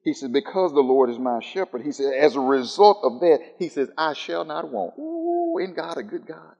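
A man preaches a sermon, swinging between soft, low musing and loud, high calls while repeating phrases in a steady rhythm. His delivery is brisk. The audio is dull, with a long reverb tail.

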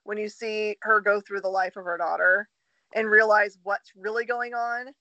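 Woman, podcast co-host, casual chat, earnest, reflective, bright tone, dry sound. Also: mid-range voice, steady tone, normal speed, no echo, lo-fi sound. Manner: earnest, reflective, talks through her feelings.

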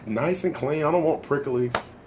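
A man co-hosting a sports talk show in casual chat, easygoing and quick with short replies. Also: fairly high pitch, expressive, a little mellow, slight background noise.

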